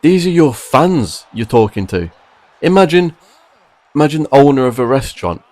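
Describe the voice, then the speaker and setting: A man's voice: medium pitch, very animated, normal speed, a little mellow, no echo. A man delivering a frustrated, emphatic opinion rant to camera about wrestling. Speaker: wrestling commentary vlogger.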